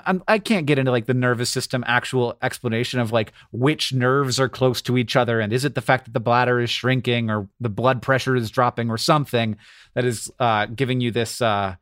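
A man's voice: mid-range voice, fairly bright tone, no room sound, studio quality. An American man co-hosting a podcast, who laughs easily and explains science in a casual, rambling way. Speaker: podcast co-host. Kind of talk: casual chat.

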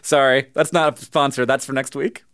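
A man's voice: medium pitch, steady tone, normal speed, fairly bright tone, a little hiss or hum. A man co-hosting a podcast, chatting casually with lots of fillers and laughs, then reading ads. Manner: rambling, filler-heavy, laughs often. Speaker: podcast co-host. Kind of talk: casual chat and ad reads.

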